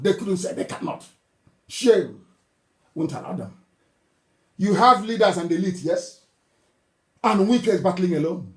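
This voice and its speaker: A man's voice: high voice, expressive, unhurried, long pauses, fairly bright tone. A man from southeastern Nigeria, giving a fiery political broadcast, scolding and mocking his listeners with scornful laughs. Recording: roomy echo.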